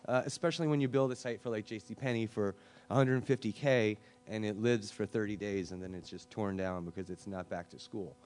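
A man speaking casually on a discussion panel, chatty and full of fillers and quick asides. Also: lowish voice, fairly even intonation, a little mellow. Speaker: web design panelist.

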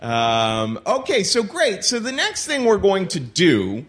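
A man's voice: sits high, wildly swooping pitch, slow pace, a bit bright. A man leading a workshop group, giving casual instructions with many fillers. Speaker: workshop facilitator.

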